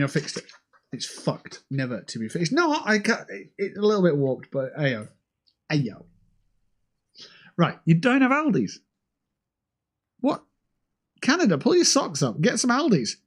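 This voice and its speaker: A young British man hosting a livestream in casual, sweary chat that jumps between high and low. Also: big pitch swings, measured pace, pauses often, slightly rough. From United Kingdom. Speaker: livestream host.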